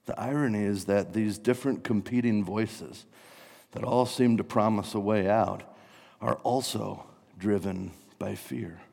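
Man, pastor, sermon, animated, acts out frantic voices, long hall reverb. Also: lowish voice, creaky.

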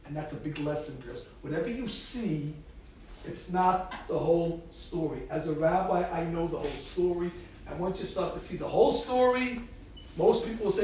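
A man's voice: high voice, very animated, normal speed, a little mellow, heavy reverb, distant mic, a little hiss or hum, poor audio. A man, a rabbi, telling stories in a talk to a group of girls and acting out the people he quotes.

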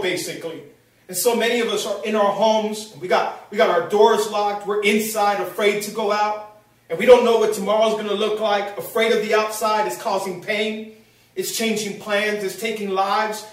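A male pastor preaching with passion, repeating his phrases for emphasis. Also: high-pitched. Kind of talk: sermon. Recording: very echoey room, voice from far off.

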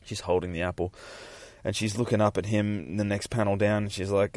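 Low-voiced male podcast host, casual and profane, walks through comic panels in a dry close sound. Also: flat delivery, a little fast, darkish tone, no echo. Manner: profane, offhand, reads comic panels aloud. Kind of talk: casual comic book reading and chat.

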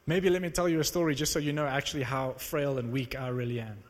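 A young man from South Africa preaching a sermon, telling a personal testimony with animated storytelling that rises into excited exclamations. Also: medium pitch, fast. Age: young adult. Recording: reverberant hall.

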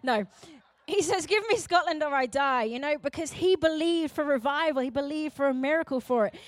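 Young woman pastor, high voice, dry close sound, emphatic sermon delivery with sudden loud and hushed turns. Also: fairly quick, dry recording. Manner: emphatic, swings between loud urgent preaching and quiet intensity.

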